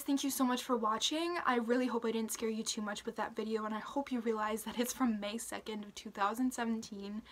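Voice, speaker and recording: Young woman, high voice, halting and emotional, fillers and restarts, soft whispery moments, personal vlog. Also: steady tone. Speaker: vlogger. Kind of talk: personal recovery update vlog.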